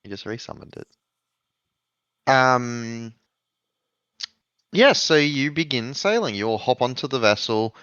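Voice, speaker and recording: Laid-back Australian game master. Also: male voice, medium pitch, expressive, unhurried, pauses often, a bit bright, clean tone, no echo. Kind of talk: narrating a tabletop game. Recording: slightly muffled, dry home mic.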